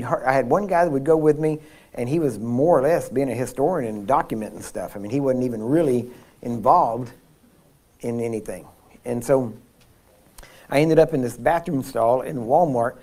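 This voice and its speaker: A man preaching at a healing seminar, telling personal stories with frequent laughs and restarts. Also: mid-range voice. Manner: animated storyteller, laughs often, frequent restarts. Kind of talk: sermon with personal storytelling.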